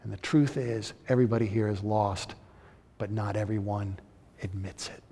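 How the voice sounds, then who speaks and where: A man preaching a sermon as pastor, moving between impassioned emphasis and hushed, near-whispered appeals. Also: lowish voice, fairly even intonation, moderate pace, husky. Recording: long hall reverb.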